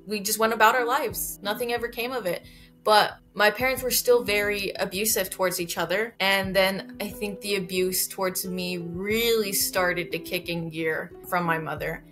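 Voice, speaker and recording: A young woman telling her life story in a halting, soft-spoken way, with many fillers and restarts. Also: medium pitch. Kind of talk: personal testimony. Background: soft guitar music.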